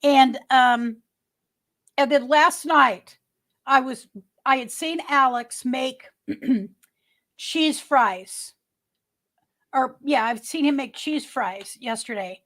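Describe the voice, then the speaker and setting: A woman's voice: high voice, takes it slowly, pauses often, fairly bright tone. A middle-aged woman hosting a casual livestream, chatting with viewers in a rambling way, restarting her sentences often. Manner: greets viewers by name. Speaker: livestream host. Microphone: webcam.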